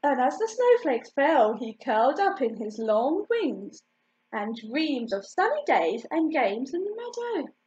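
A woman reading a children's picture book aloud in an expressive way, stopping to ask the listener questions. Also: sits high, a little slow. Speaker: storytime reader. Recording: dull lo-fi recording.

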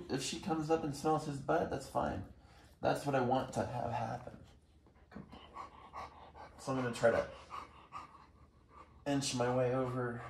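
A man at home calmly explaining how he introduces his dog to his cat, often checking in with "right?" as he coaches. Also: mid-range voice, gravelly, slight background noise. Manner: soft-spoken, frequently adds "right?" while coaching pets. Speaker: dog owner training his dog. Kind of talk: casual explanatory vlog. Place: home indoors with pets.

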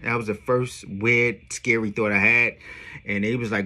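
Bright-voiced man telling a story in slang. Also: lowish voice, brisk. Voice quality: streetwise slang with frequent "yo" and profanity. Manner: animated, emphatic retelling. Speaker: songwriter vlogger. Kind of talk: casual storytelling monologue.

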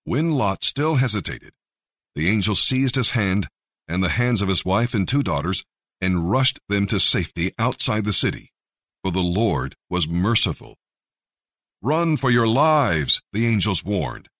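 A man's voice: low-pitched, expressive, moderate pace, a bit bright, no echo. A man reading scripture aloud, lifting his voice for the quoted speakers. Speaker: Bible reader.

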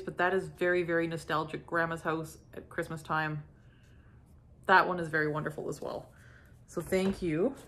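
A middle-aged woman from Canada, voice sitting on the lower side, talks through a candle unboxing in a soft, gushing way. She lingers on each scent and gives casual, warm-hearted reviews. A faint room hum sits behind her at home.

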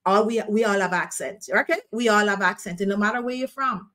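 A woman's voice: medium pitch, brisk, fairly bright tone. A woman with a Jamaican accent hosting a casual live show, talking in an earnest, encouraging way and repeating phrases for emphasis. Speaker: host of a skincare live show. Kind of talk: casual live-stream chat.

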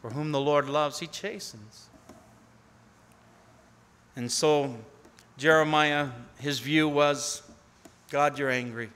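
A man preaching a sermon as pastor, earnestly, rising to pleading appeals and falling to near-hushed tones. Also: a little high, steady tone, slow, long pauses, clear, resonant tone. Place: church sanctuary. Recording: long hall reverb.

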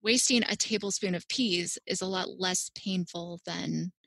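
A woman's voice: on the low side, measured pace, creaky, fairly bright tone, slightly rough, no room sound. A woman dietitian, a podcast guest, giving upbeat parenting advice in casual chat with frequent "like".

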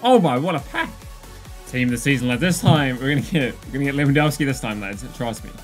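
A young man commentating a video game pack opening with excitable outbursts and groans, calling out to his viewers as lads. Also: medium pitch, quick pace, soft background music. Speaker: gaming YouTuber.

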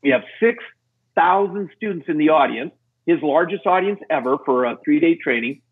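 A slightly rough male voice at normal speed, coming through a tinny phone-like line. The middle-aged podcast guest tells his story with animation, voicing its characters and jumping in pitch.

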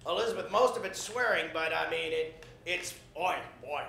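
A man's voice: on the high side, normal speed, creaky, bright, forceful tone, reverberant, slight background noise, heavily acted. A man playing a famous male movie star on a morning talk show who keeps blurting curses and then frantically apologizing. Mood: chatty. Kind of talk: sketch comedy impression.

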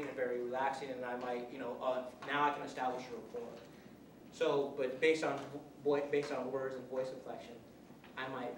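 A policeman with a mid-range voice delivers a loose, conversational workshop talk at a college classroom, restarting often and acting out examples as he rambles. Background noise is present, and the far-off mic captures lots of room echo.

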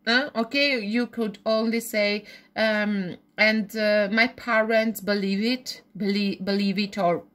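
A woman's voice: medium pitch, steady tone, takes it slowly, a bit bright. A woman teaching a grammar lesson, explaining step by step and often correcting herself mid-sentence. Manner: explains step by step, checking with "okay?"; frequent restarts and self-corrections. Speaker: English teacher.

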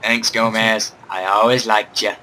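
A man's voice: on the low side, little pitch movement, unhurried, sharp tone, a little hiss or hum. A young man doing playful, sarcastic game commentary, rambling and joking at the screen. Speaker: gamer doing a let's play.

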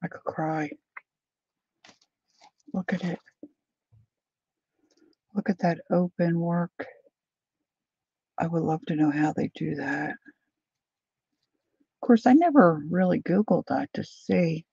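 A woman hosting a casual live chat with her viewers, talking them through things as she unpacks and sometimes dropping to a soft whisper. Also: lowish voice, slow pace, gravelly, long pauses, slightly rough, dry recording, muffled recording. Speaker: livestream host.

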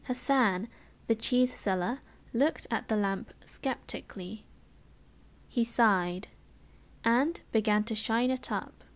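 A woman with a British English accent reading a bedtime storybook aloud in a soft, gentle ASMR style. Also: fairly high pitch, takes it slowly. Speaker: storybook reader.

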